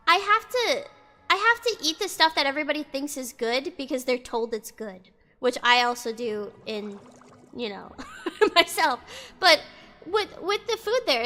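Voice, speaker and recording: Rambling high-voiced young woman, swearing casually. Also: bright, forceful tone. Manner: rambling, swears freely, lots of "like". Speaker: vlogger. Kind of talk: casual storytime rant. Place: indoors, outside noise audible.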